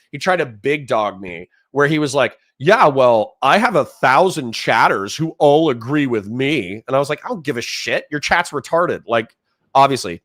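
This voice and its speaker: A man hosting a livestream, talking off the cuff in a heated, animated rant. His pitch jumps around a lot as he reacts. He is recorded close on a streaming mic. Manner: animated, ranting, reads chat aloud. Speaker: streamer host. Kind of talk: casual livestream commentary.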